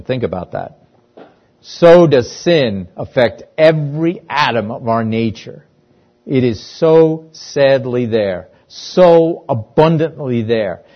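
Male preacher, unhurried and emphatic, leans on repetition; muffled, lo-fi sound. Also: mid-range voice. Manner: emphatic, repeats key phrases for weight. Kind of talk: sermon. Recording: dull lo-fi sound.

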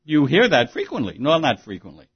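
A man delivers a sermon in a husky, slightly high voice. He preaches emphatically but conversationally, breaking off for asides and rhetorical questions. The recording sounds dull and lo-fi. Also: wildly swooping pitch, brisk. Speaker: pastor.

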